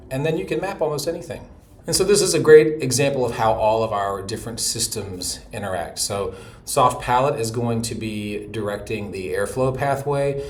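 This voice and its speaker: A middle-aged man teaching a relaxed, chatty voice lesson, breaking into short sung demonstrations. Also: lowish voice. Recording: echoey room with faint noise.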